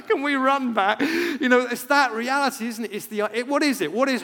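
Animated preacher in a reverberant hall. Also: male voice, high voice, moderate pace, few pauses. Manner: animated, rises loud for emphasis, acts out chants, laughs at himself. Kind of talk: sermon.

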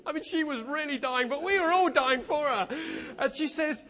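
A man preaching a sermon in a church, telling stories in an animated, humorous way. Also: very high-pitched, moderate pace, few pauses, a crowd in the background. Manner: animated storytelling, lively and humorous.

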